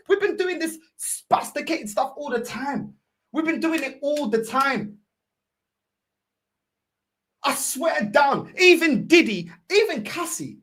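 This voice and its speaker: A fan streamer, a woman, rants about her club, repeating herself in exasperation. Her voice sits a little high and swings widely up and down. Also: a bit bright. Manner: exasperated, repetitive ranting. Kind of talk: ranting fan commentary.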